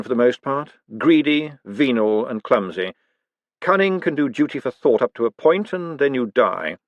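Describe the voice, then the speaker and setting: An icy, measured aristocrat who drops each word with calm menace, as a male narrator puts him on. The voice moves with a lively rise and fall. It sounds close and dry. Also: medium pitch, no echo, dull audio, natural voice. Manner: slow, measured, precise and icy.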